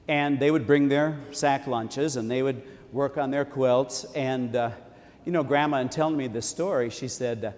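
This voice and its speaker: Man, preacher, sermon, conversational, repeats key lines, mid-pitched voice, reverberant church. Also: fairly even intonation, fairly quick, a little mellow.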